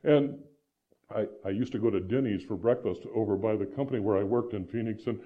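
A man's voice: lowish voice, brisk, narrow, tinny audio. A man from Iowa preaching a conversational sermon as pastor, with frequent restarts and "right?" asides. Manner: conversational, many restarts and tag questions.

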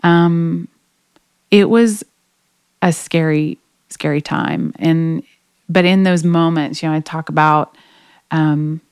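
Woman, low voice, smooth, earnest storytelling, podcast guest, dry close sound. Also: steady tone, slow pace, pauses often, darkish tone, no room sound. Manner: earnest, emotional retelling with many fillers. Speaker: guest, singer. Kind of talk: conversational faith podcast storytelling.

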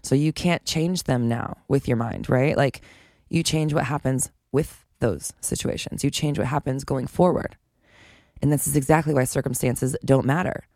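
Low, gravelly-voiced woman talking casually. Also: normal speed, warm tone, dry recording, studio quality. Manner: frank, chatty, swears freely, laughs between points. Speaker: podcast host. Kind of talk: casual solo podcast monologue.

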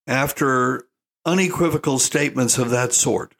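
An older American man with a mid-range, somewhat bright, expressive voice delivers an opinionated monologue at a moderate pace. As a parenting commentator he's folksy and emphatic, addressing listeners as "folks."

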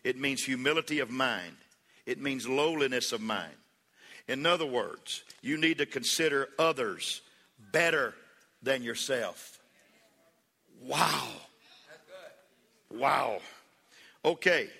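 Bright-voiced man preaching in an echoey hall. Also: a little high. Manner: preaching with rising fervor, calls for congregation responses; folksy humor and storytelling. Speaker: pastor. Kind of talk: sermon. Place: church hall.

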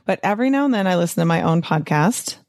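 A woman's voice: on the low side, lively intonation, darkish tone, dry recording, studio quality. Chatty upbeat woman podcast host. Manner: chatty and upbeat, laughs often, quick asides. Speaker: podcast host, physician and weight-loss coach. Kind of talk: casual solo podcast talk.

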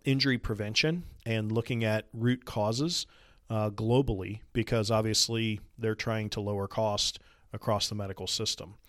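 A man's voice: lowish voice, no room sound, clean studio sound. A man in his forties hosting a podcast, explaining things in a chatty way with plenty of filler words. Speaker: podcast host. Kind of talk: casual chat.

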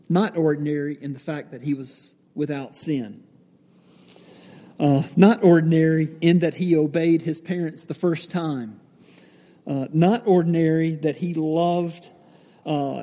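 A man preaching a Bible-teaching sermon in a slightly high, mellow voice. He talks in a relaxed, conversational way, pausing with fillers and correcting himself. His voice carries a long reverb, as if in a large church hall. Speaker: pastor.

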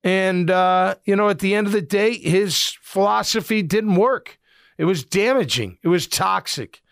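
A man's voice: high voice, unhurried, gravelly, fairly bright tone, no room sound, studio quality. A middle-aged man, a former football player, giving casual sports commentary in a blunt, rambling way with lots of fillers.

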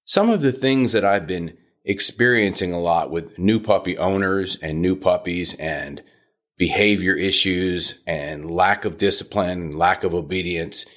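A man hosting a podcast as a puppy trainer, talking in an instructive monologue and sometimes mimicking shrill dog owners. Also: unhurried, a bit bright. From South Florida.

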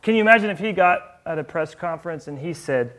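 Male preacher, high voice, animated, quizzes the congregation with rhetorical questions. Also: quick pace. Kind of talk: sermon.

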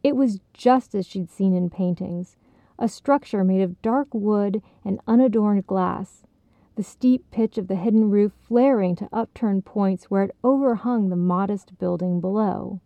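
A woman in calm storybook narration, soft and unhurried, over a dry, tinny phone-like sound. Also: medium pitch, dry recording.

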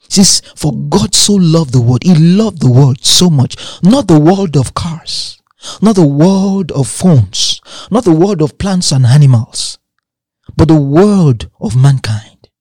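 Husky-voiced man preaching with emphasis. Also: on the high side, lively intonation, slow, a little mellow, no room sound, studio quality. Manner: emphatic, repeating phrases and quoting scripture. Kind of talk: sermon.

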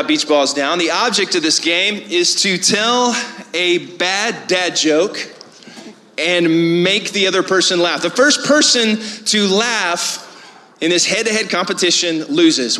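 A man leading a church crowd game, loud and excited, calling out to the crowd. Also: high-pitched. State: out of breath. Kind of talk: energetic stage hosting. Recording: echoey hall with faint music.

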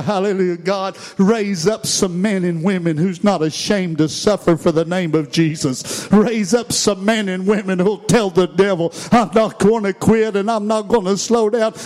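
A man's voice: high-pitched, steady tone, moderate pace, hardly any pauses, darkish tone. A man preaching a sermon, telling the story dramatically and repeating fervent exclamations.

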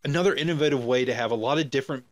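A man's voice: medium pitch, very fast, no room sound. A man co-hosting a podcast, talking casually about a film in a rambling, jokey way full of fillers and restarts. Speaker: podcast co-host. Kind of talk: casual movie discussion.

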